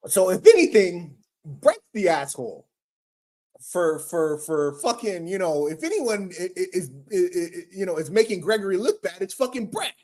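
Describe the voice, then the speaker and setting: A man's voice: high voice, very animated, normal speed, mellow. A man hosting a livestream, ranting in a profane, exasperated way with frequent stammers. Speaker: livestream host. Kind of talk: casual livestream rant.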